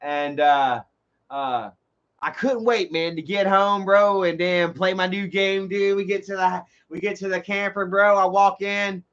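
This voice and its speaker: A man telling rambling, profane stories on a casual livestream. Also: high-pitched. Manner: rambling, profane, animated storytelling. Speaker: livestream host. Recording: dull lo-fi stream audio.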